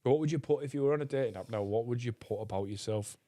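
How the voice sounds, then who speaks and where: A man with a North East English accent, chatting as a comedy podcast co-host. He tells stories in a rambling, stop-start way, laughing as he goes, and swears freely. His voice sits at an ordinary middle pitch. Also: fast talker, dark tone. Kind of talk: casual chat.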